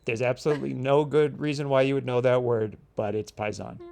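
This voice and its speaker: Man, podcast co-host, gravelly voice, giggly, playful, casual chat. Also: mid-range voice, steady tone, a little fast, a little mellow. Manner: giggly, playful, coaching pronunciation.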